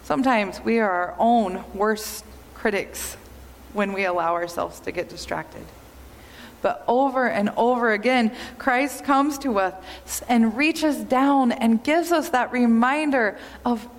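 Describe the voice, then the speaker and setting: A woman pastor giving an earnest, measured sermon in a church. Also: a little high. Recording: long hall reverb.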